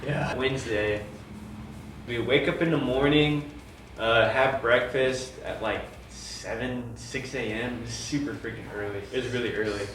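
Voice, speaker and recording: A man's voice: mid-range voice, steady tone, measured pace, a bit bright, far from the mic. A young man from the United States telling a story in casual chat, full of "like" and quoting himself. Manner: rambling, fillers like "like", quotes himself. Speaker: vlogger telling how the couple met. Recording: roomy, from off mic, faint hum.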